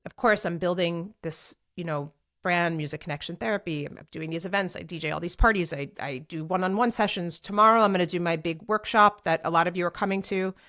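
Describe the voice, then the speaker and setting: Chatty woman podcast host, lowish voice. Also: brisk. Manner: chatty and animated, many fillers and restarts. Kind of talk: casual solo podcast monologue. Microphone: speaking to a camera for a video podcast.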